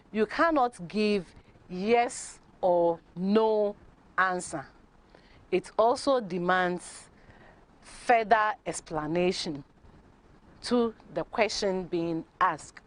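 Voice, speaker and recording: A woman teaching a grammar lesson, speaking deliberately and repeating example questions. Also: medium pitch. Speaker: English teacher. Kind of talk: classroom lesson.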